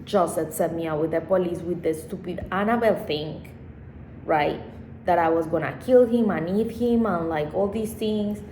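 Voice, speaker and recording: A woman vlogger tells a story to camera in a loose, rambling and emotional way, swearing often. Her voice sits fairly low. She is recorded in an echoey room with a faint hiss behind her. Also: normal speed, dark tone. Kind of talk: casual storytime monologue.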